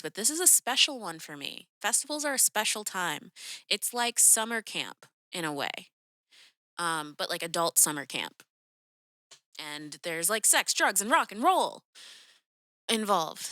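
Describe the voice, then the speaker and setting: A woman's voice: on the low side, bright, forceful tone, smooth, no room sound, studio quality. A young woman hosting a podcast, telling a story in a chatty, casual way full of "like" and "um". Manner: chatty, lots of "like" and "um", acts out quoted voices. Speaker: podcast host.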